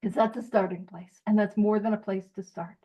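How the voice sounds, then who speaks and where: A woman's voice: medium pitch, steady tone, fairly quick, muffled recording. A woman leading a recovery study group in a casual teaching talk, chatty and self-deprecating, laughing often as she goes.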